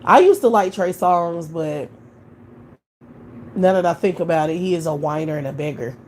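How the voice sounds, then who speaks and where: A woman's voice: fairly low pitch, moderate pace, a little mellow, a little hiss or hum. A woman hosting a live stream, talking in a blunt, profane, opinionated way in casual chat.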